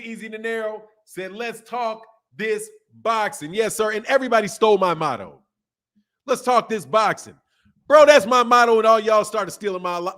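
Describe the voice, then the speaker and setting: A man's voice: high-pitched, a bit bright. A man in his fifties hosting a boxing channel, talking in loose slangy live-stream chat and laughing often. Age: 50s.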